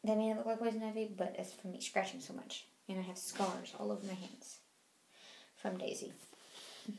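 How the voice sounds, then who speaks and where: A woman chatting casually and rambling in a late-night vlog from a dark room at home, laughing now and then. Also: mid-range voice, level tone, fairly quick, creaky. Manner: laid-back, rambling, laughs often. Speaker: vlogger. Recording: roomy home room, faint noise.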